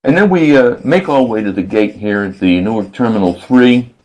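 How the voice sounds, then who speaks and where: A man's voice: on the low side, expressive, moderate pace, darkish tone, dull audio. A male radio host telling a rambling story in a casual, self-amused way, chuckling often.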